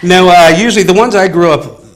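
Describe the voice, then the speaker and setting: A man's voice: sits high, brisk. A man, a comedian from Virginia, chatting casually as an interview guest, telling stories with a laugh and acting out what others said. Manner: easygoing storyteller, laughs often, acts out quotes.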